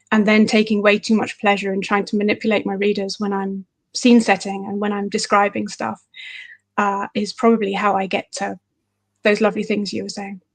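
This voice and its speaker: A woman author answering questions in a livestream interview, thoughtful and rambling with fillers. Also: medium pitch. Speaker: author guest.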